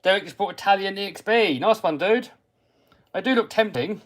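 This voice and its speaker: An English man runs a laid-back live stream about radio-control cars, reading viewer comments aloud and answering them in a friendly, chatty way. His voice sits a little high for a man. Now and then he drops into a quiet mutter while working on a part. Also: normal speed. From England. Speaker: RC hobby livestream host. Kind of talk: casual live-stream chat while working on a model car.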